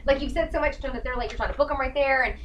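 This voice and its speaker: A woman, a sales director giving a lively training talk to a group, acting out bits of dialogue as she tells stories. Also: sits high, rapid-fire, distant mic, slight background noise, poor audio. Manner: bubbly storyteller acting out dialogue. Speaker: sales director and guest speaker.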